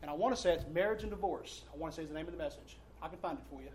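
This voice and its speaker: A man preaching as pastor to his congregation, reading quotes slowly and loudly with a preaching cadence. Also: on the high side, a little hiss or hum. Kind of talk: sermon. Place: church sanctuary. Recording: echoey church from far off.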